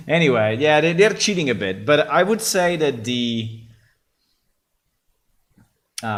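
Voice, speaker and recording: A man's voice: mid-range voice, sing-song, takes it slowly, long pauses, fairly bright tone. A man, a game developer, thinking aloud in a casual dev vlog, hesitant with many restarts.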